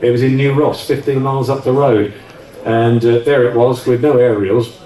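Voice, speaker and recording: A former offshore radio DJ, interviewed on stage, looks back casually in a mid-range, steady, dark-toned voice at normal speed. He rambles and chats, often starting over, and the recording is roomy from a distant mic.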